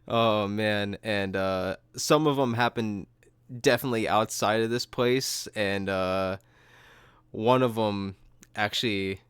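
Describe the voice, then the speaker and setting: A man with a low-leaning, smooth and clear voice hosts a casual podcast chat. He swears freely, laughs often and strings his thoughts together with "like" and "dude". The sound is close and dry. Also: slow, fairly bright tone, no echo. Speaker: podcast host.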